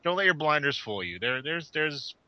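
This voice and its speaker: A man hosting a casual podcast chat over a voice call, animated and quick to laugh and swear. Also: on the high side, no room sound, muffled recording. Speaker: podcast host. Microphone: home mic over a voice call.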